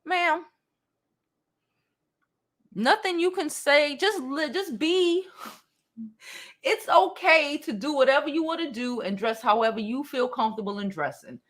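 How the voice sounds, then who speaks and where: A woman's voice: sits high, unhurried, pauses often, fairly bright tone. A woman in her forties hosting a beauty livestream, reading out comments and replying bluntly and directly, swearing freely. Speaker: beauty channel host.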